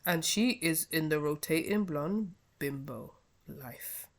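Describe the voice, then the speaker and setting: A woman's voice: low-pitched, slow pace. A British woman hosting her own wrestling review channel, giving a heated, scolding rant in a casual talking style. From United Kingdom. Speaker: wrestling commentary vlogger.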